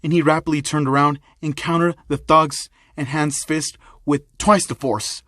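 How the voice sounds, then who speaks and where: A man reads a homemade action story aloud in a plain, halting way. His voice sits a little high for a man. The recording is close and dry. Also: steady tone, sharp tone, no room sound. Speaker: narrator. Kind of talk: reading a fan-made story aloud.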